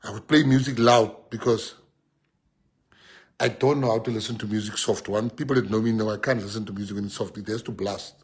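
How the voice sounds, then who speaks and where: A South African man, a party leader addressing his supporters in an impassioned speech that swings from loud exhortation to hushed personal storytelling. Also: fairly low pitch, brisk, breathy edge. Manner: animated, switches between shouting and hushed storytelling.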